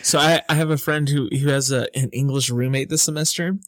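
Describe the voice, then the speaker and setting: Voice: mid-range voice, fairly even intonation, a little fast, no room sound, studio quality. A podcast co-host in casual chat, starting hesitantly and laughing lightly.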